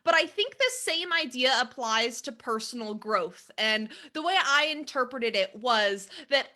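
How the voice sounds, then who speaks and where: Bright-voiced upbeat woman podcast host. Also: high-pitched. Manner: earnest, upbeat, explains with examples. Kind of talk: casual podcast chat.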